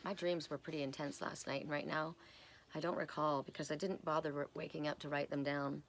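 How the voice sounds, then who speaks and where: A woman's voice: low-pitched, little pitch movement, a little fast. A woman giving a casual spiritual oracle card reading, chatty and rambling with personal asides, often tagging her points with "right?".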